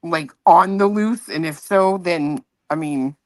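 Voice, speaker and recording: A woman co-hosting a casual chat, relaxed and drawling with many likes. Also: lowish voice, slow, no echo.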